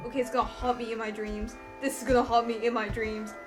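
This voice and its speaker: A woman chatting through a game, easily spooked and reading on-screen text aloud in halting bursts. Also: fairly high pitch, level tone. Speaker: gamer playing a courtroom game. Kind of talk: gameplay commentary. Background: game music.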